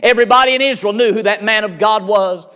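A man's voice: sits high, fast talker, pushed and bright, clean tone. A man preaching a sermon as pastor, retelling a Bible story vividly with an emphatic, repetitive preaching cadence.

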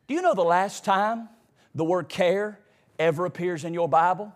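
A man preaching a sermon to a congregation, with a sing-song cadence that swings from loud shouts to hushed, almost whispered lines. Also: high voice, sing-song, normal speed.

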